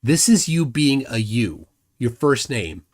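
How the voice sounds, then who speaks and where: A man's voice: medium pitch, big pitch swings, takes it slowly, a little mellow. A man hosting a live stream, arguing combatively and mocking his opponent while reading chat comments aloud. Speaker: livestream host.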